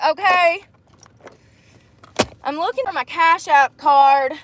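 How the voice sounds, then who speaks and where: A young woman vlogging in a casual, candid chat to her viewers, animated and quick to laugh, calling them y'all, girl and baby. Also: very high voice, background noise.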